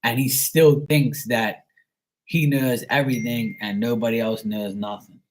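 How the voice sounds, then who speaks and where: A man hosting a live tarot reading who talks in a loose, casual chat and vents bluntly. He swears freely and circles back to the same complaints. His pitch sits in an ordinary middle range. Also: steady tone, a little slow. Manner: blunt, profane, venting. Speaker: online tarot reader and host.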